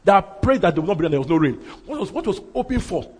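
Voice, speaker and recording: A man's voice: high-pitched, very animated, quick pace, a little mellow, husky. A man preaching a sermon, emphatic and repeating his phrases for effect. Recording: reverberant hall.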